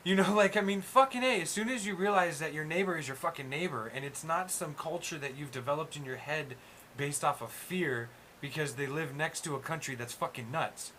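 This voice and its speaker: Ranting, profane guy, bright voice. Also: a little high, brisk, slight background noise. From USA. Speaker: host. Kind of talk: casual chat.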